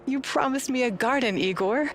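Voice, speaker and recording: An actress with an American accent playing a scientist's fond, teasing fiancée who loves growing herbs, in a video game. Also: female voice, sits high, moderate pace. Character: scientist's gentle fiancée, keen herbalist.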